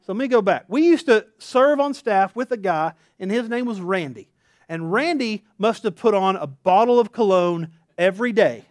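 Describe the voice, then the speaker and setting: Middle-aged male pastor, high-pitched, dry close-miked delivery; a humorous storyteller who pokes fun at himself from the pulpit. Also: lively intonation, moderate pace, no room sound. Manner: storytelling, self-deprecating, laughs at himself. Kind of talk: sermon.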